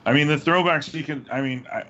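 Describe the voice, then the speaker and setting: A man, a podcast guest, chatting casually in an earnest, halting way. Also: on the high side, pushed and bright, lo-fi sound. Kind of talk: casual chat.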